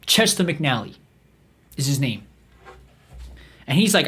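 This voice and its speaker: A man's voice: a little high, big pitch swings, normal speed, long pauses, bright, forceful tone, breathy edge. A man hosting a comedy podcast, telling a meandering, profane story full of restarts and fillers. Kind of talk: rambling comic storytelling.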